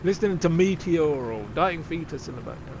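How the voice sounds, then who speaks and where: A man's voice: fairly high pitch, expressive, a little fast, darkish tone, a little hiss or hum. A man chatting casually and sarcastically while streaming a game, swearing freely. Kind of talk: casual live-stream chat.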